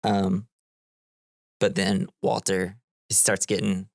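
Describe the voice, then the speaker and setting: A man's voice: deep voice, completely flat delivery, takes it slowly, creaky, no room sound, clean studio sound. A man co-hosting a movie podcast, retelling scenes in a loose, rambling way, full of "like". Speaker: podcast co-host. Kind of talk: casual movie-recap chat.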